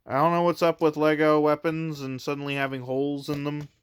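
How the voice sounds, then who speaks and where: A man's voice: fairly high pitch, monotone, brisk, clear, resonant tone. A man casually reviewing his toy collection at home, rambling and hesitant, with frequent fillers and restarts.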